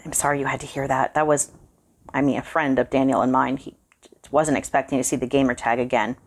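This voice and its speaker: A woman's voice: rumbling low, fairly even intonation, brisk. Field: a woman reading a polite nervous young man. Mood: uneasy. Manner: earnest and eager to please. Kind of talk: audiobook character voice.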